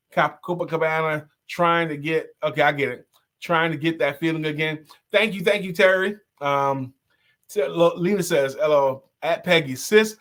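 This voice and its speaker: Animated, laughing male host. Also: a little high. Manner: animated storyteller, sings snatches of songs and laughs often. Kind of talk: casual live-stream chat reading comments.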